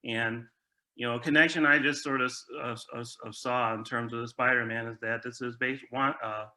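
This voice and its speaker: Speaking at a normal speed in a steady, mid-range voice, this movie review co-host sounds bright and forceful. He chats casually and agreeably, full of enthusiasm, though he often stammers and repeats words as he restarts.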